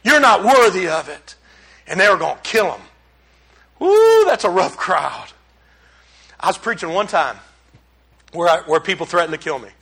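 Man, middle-aged, preacher, animated conversational sermon, high-pitched. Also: brisk, slightly rough. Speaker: pastor. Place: church sanctuary.

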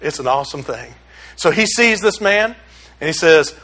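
A male preacher, delivering a sermon with call-and-response, rising to shouts and dropping to a hush. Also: a little high, expressive, moderate pace.

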